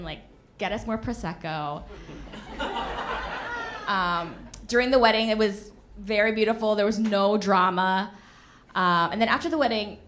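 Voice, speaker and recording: A young woman telling a comedic story on a stage in front of an audience, animated, punchy and often laughing. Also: medium pitch, a little hiss or hum. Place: stage of a live venue before an audience.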